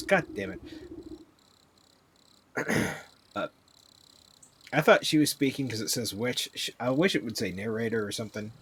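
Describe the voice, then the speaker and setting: A man casually narrating his gameplay as a streamer, murmuring to himself in a relaxed way. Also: mid-range voice, a little slow, long pauses, a little hiss or hum. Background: game music.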